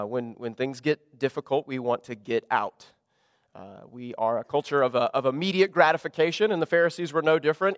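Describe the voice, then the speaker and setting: A man's voice: on the high side, no room sound, big-room sound. A man preaching a sermon in a conversational way, often restarting phrases and leaning hard on key words. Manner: conversational preaching with frequent restarts and lively emphasis. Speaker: pastor.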